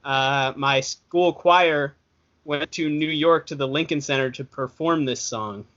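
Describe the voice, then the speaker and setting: Chatty young man, bright lo-fi voice. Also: on the high side, unhurried. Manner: rambling, self-correcting, chatty. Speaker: podcast co-host. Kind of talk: casual chat. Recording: dull lo-fi podcast audio.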